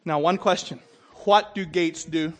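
A man with a high-pitched voice preaching a sermon. He trips over the starts of words and repeats them, and often checks in with his listeners. His delivery swings between loud, emphatic bursts and hushed, low asides. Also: fairly even intonation, a little slow. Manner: stumbles and repeats opening sounds, checks in with "Okay?".

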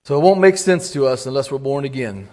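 A middle-aged man giving an informal sermon, halting and repeating words, clearing his throat often and reading scripture aloud in old-fashioned wording. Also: mid-range voice, animated, darkish tone. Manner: reads scripture aloud in King James wording. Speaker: lay preacher.

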